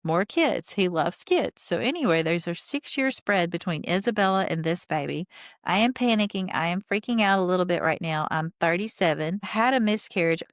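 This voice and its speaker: A woman's voice: on the low side, animated, normal speed, no echo, studio quality. A woman hosting a podcast, giving opinionated, indignant commentary while rewatching a reality show and talking straight to her listeners. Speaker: podcast host.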